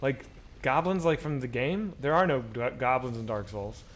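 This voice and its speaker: Slight background noise sits under this man's mid-range voice as he speaks at a normal speed while live-streaming a game. He's lively, swears without holding back, and talks back to the people watching.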